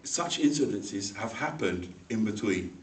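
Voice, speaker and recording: A man's voice: on the low side, unhurried. Man telling a story in an echoey room. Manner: animated, acts out voices in the story, laughs along. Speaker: speaker at a speaking club. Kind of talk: humorous personal storytelling speech. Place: meeting room. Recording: echoey room, mic far off, faint noise.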